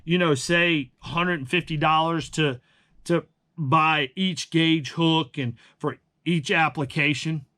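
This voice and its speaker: A man's voice: on the high side, slow, bright, forceful tone. A man hosting a fishing channel, giving blunt, emphatic tips in casual talk and calling the viewers guys.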